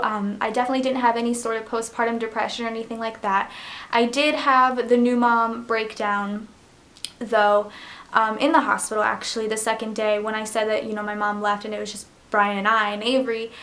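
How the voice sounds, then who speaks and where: A woman's voice: fairly high pitch, a bit bright. A young woman vlogging in casual chat, rambling and filling her talk with "like" and "um", open and emotional. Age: young adult. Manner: rambling, heavy use of "like" and "um"; emotional, near tears at times.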